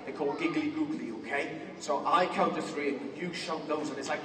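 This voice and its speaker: A man's voice: fairly high pitch, a little fast, hardly any pauses, recorded from a distance, background noise. A man performing a playful children's magic show on stage, joking with a young helper and yelping in mock pain. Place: large theatre stage before a crowd. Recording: roomy hall with loud crowd, miked from afar.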